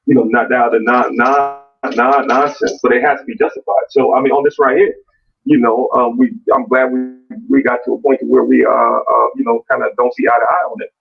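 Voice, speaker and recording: A man's voice: medium pitch, little pitch movement, brisk, vocal fry, soft background music. A man arguing his turn in an online debate, blunt and heavily profane, with many restarts and fillers. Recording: distant, muffled call audio.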